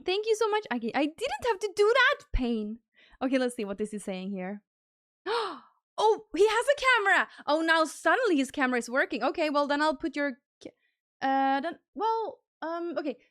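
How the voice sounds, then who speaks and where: Young woman streamer, high voice, bubbly, excited thank-yous, casual chat. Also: brisk, no echo, clean studio sound.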